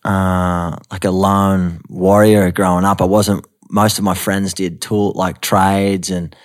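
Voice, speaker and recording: A man's voice: sits low, flat delivery, takes it slowly. Laid-back man with a broad Queensland accent. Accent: broad Australian, Queensland. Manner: laid-back, candid, laughs easily. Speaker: guest, actor. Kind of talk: podcast interview.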